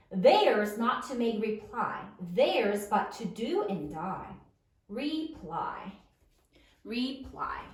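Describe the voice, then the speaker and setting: A woman's voice: fairly high pitch, bright, forceful tone, far from the mic. A woman teaching a third grade spelling lesson, sounding out words letter by letter in a sing-song way. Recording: echoey room, voice off-mic.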